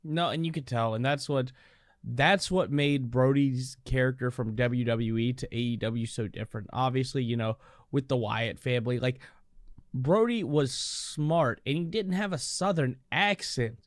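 A man's voice: mid-range voice, normal speed, no room sound, studio quality. A man in casual chat as a podcast co-host, giving strong opinions and often restarting his sentences. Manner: opinionated, stumbles over restarts.

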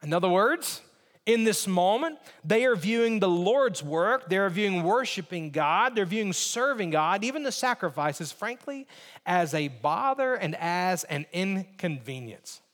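A man's voice: high voice, expressive, a little slow, fairly bright tone, big-room sound. A man preaching a sermon as pastor, earnest and emphatic, repeating key phrases for weight. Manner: earnest, repetitive emphasis, mimics others in asides.

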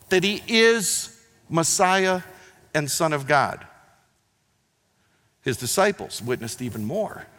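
A man preaching a sermon, swinging between loud emphatic lines and quiet, low asides. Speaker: pastor. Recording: long hall reverb.

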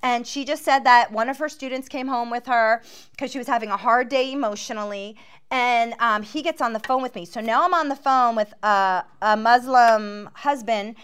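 A woman telling her missionary testimony as a dramatic personal story, earnest and often dropping to a hushed voice. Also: on the high side, moderate pace, smooth. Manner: earnest, drops to a hushed voice at tense moments.

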